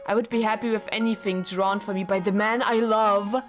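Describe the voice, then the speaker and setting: A woman's voice: mid-range voice, steady tone, brisk, faint music behind, natural voice. A woman reading as a devoted young woman. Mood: tender. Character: gentle, devoted young woman narrating her love story. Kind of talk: reading visual novel text aloud.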